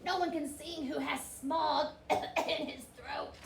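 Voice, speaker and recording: A woman's voice: fairly even intonation, slow pace, creaky, far from the mic, exaggerated voice. A woman voicing a small, grumpy male forest creature who scolds and coughs, in a storybook reading. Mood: scolding. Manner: scolding, high and loud, coughing. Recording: roomy with faint hiss.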